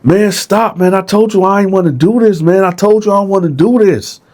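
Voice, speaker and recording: A man voicing a frightened young male inmate who pleads and begs in a high strained voice. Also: fairly quick, a little mellow. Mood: pleading.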